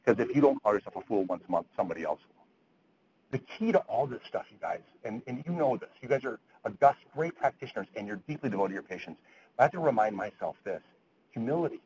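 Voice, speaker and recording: A man's voice: mid-range voice, lively intonation, fast, a little mellow, slight background noise, low-quality recording. A middle-aged man lecturing physicians at grand rounds, earnest, quoting literature, with frequent restarts. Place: lecture hall.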